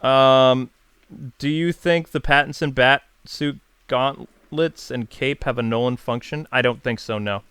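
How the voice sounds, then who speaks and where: A man's voice: medium pitch, a little slow, fairly bright tone, clear, resonant tone, no room sound. A man hosting a casual video channel, chatting enthusiastically and answering viewer questions with frequent fillers and self-corrections. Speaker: YouTube host.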